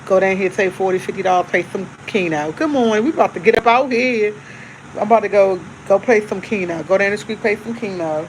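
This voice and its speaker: A woman's voice: mid-range voice, fairly quick, slight background noise, low-quality recording. A woman hosting a casual live stream, chatting easygoingly to her viewers and repeating herself. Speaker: livestream host. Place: at home with coffee.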